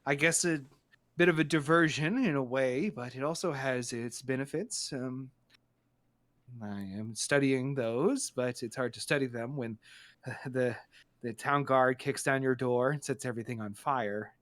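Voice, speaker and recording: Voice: mid-range voice, no echo, lightly acted. A game master voicing a sheepish male alchemist who rambles and stammers through his excuses. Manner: halting, stammering, full of fillers.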